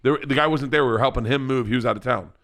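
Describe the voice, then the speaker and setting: A man's voice: medium pitch, very fast, a bit bright. A man co-hosting a casual podcast, joking and swearing, often laughing through his lines. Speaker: podcast co-host.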